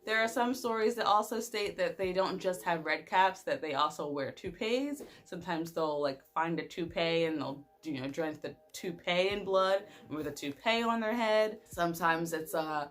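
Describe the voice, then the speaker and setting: A young woman vlogger telling a personal story in a casual, animated way, laughing often and using lots of fillers. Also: on the low side, normal speed, hardly any pauses.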